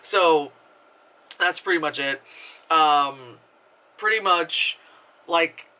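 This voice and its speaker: A man's voice: fairly high pitch, very slow, pushed and bright. A man giving a casual, rambling movie review, full of fillers and swearing. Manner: rambling, filler-heavy, profane.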